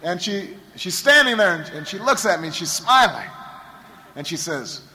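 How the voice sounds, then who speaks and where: A man with an unusually high, ringing voice gives a campaign rally speech. He tells a story with many repeated phrases and stammered restarts, stacking lines into a rhetorical build. Faint ambient noise sits behind him. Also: very animated, normal speed, bright, forceful tone, low-quality recording. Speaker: political candidate.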